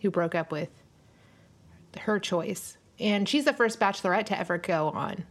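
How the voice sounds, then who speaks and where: Female podcast co-host, casual gossipy chatter, natural middle pitch. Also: moderate pace. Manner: chatty, lots of "like" fillers, recaps reality TV. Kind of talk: casual chat.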